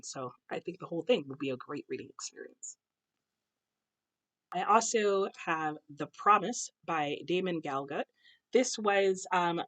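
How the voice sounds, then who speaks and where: Chatty American woman, lowish voice. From United States. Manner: chatty, many ums and self-corrections. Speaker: booktuber. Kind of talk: casual book chat to camera. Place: home, husband cooking nearby.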